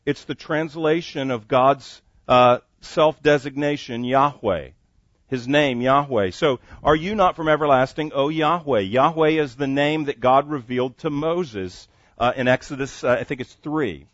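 A man's voice: mid-range voice, unhurried, dry recording, lo-fi sound. A man preaching a sermon, reading scripture aloud and pressing each point with earnest emphasis. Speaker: pastor.

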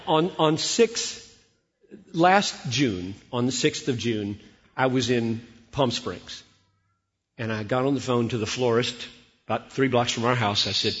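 Preacher, man in his sixties, lively storyteller who acts out the dialogue, live in a big reverberant hall. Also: mid-range voice, measured pace. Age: 60s. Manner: animated, acts out dialogue, repeats words when excited. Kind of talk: conference sermon with storytelling. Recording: dull sound with long hall reverb.

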